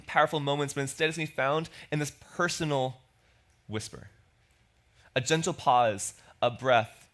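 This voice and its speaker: A man's voice: a little high, a bit bright. A man preaching a sermon as pastor, in a conversational way, acting out quoted lines. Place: church.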